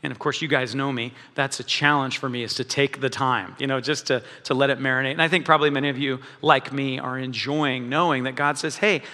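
A pastor delivers a casual, chatty sermon to his congregation, often restarting his sentences. His voice is bright and forceful. It rings out with a long reverb from a large church hall. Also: mid-range voice, fairly even intonation, a little fast, hardly any pauses. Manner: conversational, many restarts and fillers.

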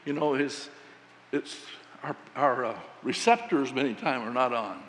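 A man preaching a sermon, telling a folksy story about coaching and quoting himself with animated emphasis. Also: medium pitch, measured pace, long reverb tail, a little hiss or hum.

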